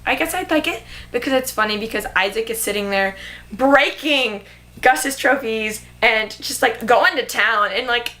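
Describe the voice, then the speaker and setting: A woman's voice: fairly high pitch, moderate pace, bright, forceful tone. A young woman casually reviewing a movie on her vlog, gushing and filling her talk with "like". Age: young adult. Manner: gushing, heavy "like" fillers. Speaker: vlogger.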